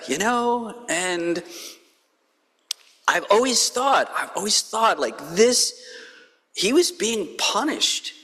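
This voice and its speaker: Male pastor, lively bright voice, slow unhurried delivery, church hall reverb, conversational sermon. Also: sits high. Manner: animated storytelling with playful quoted voices. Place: church sanctuary.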